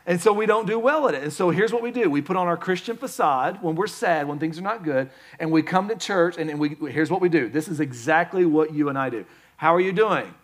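A man preaching a conversational sermon as a pastor, moving between loud, high quoted voices and quiet, low stretches. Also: a little fast, few pauses.

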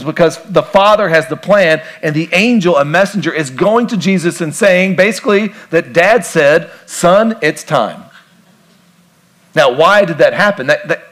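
A man's voice: high-pitched, a bit bright. A man preaching a sermon as a pastor in a conversational way, asking his listeners questions and joking between points. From grew up on a farm. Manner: conversational, asks the congregation questions, jokes.

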